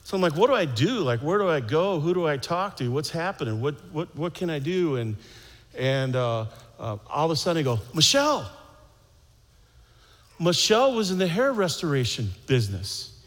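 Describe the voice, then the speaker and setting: A man preaching a sermon, telling a personal story with playful quoted voices, then turning slow and solemn. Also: a little high, very animated. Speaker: pastor. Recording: long hall reverb.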